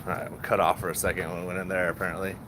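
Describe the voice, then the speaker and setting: A man's voice: deep voice, little pitch movement, racing, fairly bright tone, a little hiss or hum, low-quality recording. A middle-aged man chatting casually to viewers, laid-back and rambling, laughing often. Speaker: stock vlogger. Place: around his retail shop and car.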